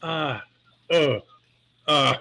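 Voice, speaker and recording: A man's voice: a little high, extremely slow, gravelly, sharp tone, low-quality recording. Breathless man wheezing with laughter. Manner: laughing helplessly, groaning. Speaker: livestream host. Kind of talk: casual livestream chat.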